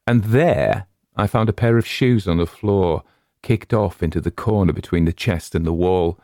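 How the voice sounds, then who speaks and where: A man narrating a short horror story in a measured, deliberate way. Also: low-pitched, darkish tone, no echo, studio quality. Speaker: story reader.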